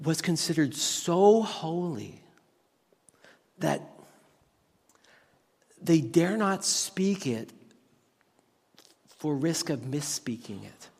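A man preaching a sermon as pastor, teaching on Hebrew words with lively rhetorical questions. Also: a little high, drawn-out words, creaky, pauses often, husky, long reverb tail. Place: church sanctuary with tech team.

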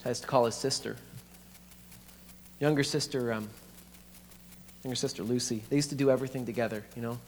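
A man preaching as a pastor, telling a story in a conversational, halting, earnest way. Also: medium pitch, fairly even intonation, a little mellow. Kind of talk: sermon storytelling. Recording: echoey hall, faint hum.

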